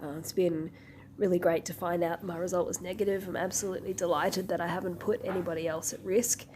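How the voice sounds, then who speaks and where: A woman's voice: on the low side, level tone, fast talker, darkish tone, slight background noise. Woman travel vlogger, voice a bit sick, practical and wry. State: sick-sounding voice. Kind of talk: informative travel vlog.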